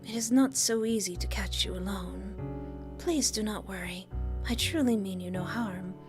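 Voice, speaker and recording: A woman's voice: mid-range voice, close to an everyday voice. A woman putting on a poised French-accented witch. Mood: cool, composed. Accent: put-on French. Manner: smooth, formal, unhurried. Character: poised, tall female witch, coolly detached. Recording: background music under the voice.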